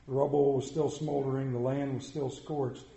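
A man preaching a sermon, telling a story that swells loud and then drops to quiet prayer. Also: mid-range voice, level tone, normal speed, creaky. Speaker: pastor. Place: church sanctuary. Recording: echoey church room.

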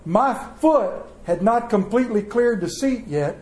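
A man's voice: high-pitched, animated, measured pace, darkish tone, roomy sound, poor audio. A man preaching a sermon in a folksy storytelling way, acting out the voices in his stories. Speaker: pastor. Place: church.

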